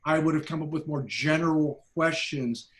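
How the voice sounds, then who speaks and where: A man, a documentary filmmaker, casually telling behind-the-scenes stories to a class, animated and full of restarts. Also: fairly high pitch, moderate pace. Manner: animated anecdotes, acts out quoted voices, frequent restarts. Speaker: documentary filmmaker, guest speaker.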